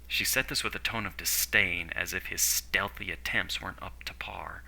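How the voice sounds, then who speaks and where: Guy reading a story, steady and descriptive, low and forceful. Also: moderate pace, gravelly, few pauses, rough recording. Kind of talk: story narration.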